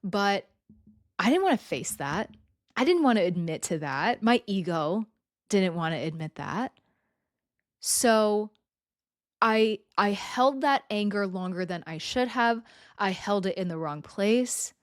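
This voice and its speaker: A woman's voice: medium pitch, animated, a little slow, no echo, clean studio sound. A young adult woman hosting a solo podcast, talking earnestly and conversationally with lots of "you know" and "right". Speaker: podcast host.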